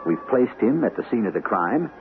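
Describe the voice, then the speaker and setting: A man's voice: medium pitch, very animated, fairly quick. A male host musing on the story's mystery in a conversational way between acts. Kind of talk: reflective program commentary. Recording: tinny old radio broadcast over music.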